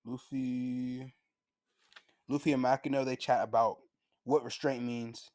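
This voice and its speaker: A man's voice: mid-range voice, unhurried, dry recording. A young man chats through an anime review in loose, profane slang, laughing as he goes. His voice sits in an ordinary middle range. The recording is close and dry, with no room sound. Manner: animated, slangy, profane retelling; laughs often. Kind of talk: casual review vlog.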